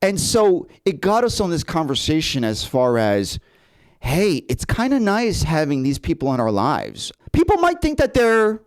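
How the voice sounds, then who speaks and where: A man who hosts a podcast tells stories in easy, casual chat. His voice sits a little high and swings widely, with quick restarts and repeated words. He sounds animated and talkative. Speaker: podcast host and actor.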